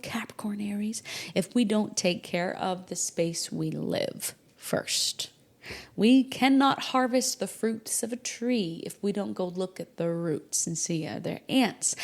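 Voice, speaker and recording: A middle-aged woman hosting an astrology podcast, talking casually and emotionally, with soft whispered asides. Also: on the low side. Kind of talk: casual solo podcast talk.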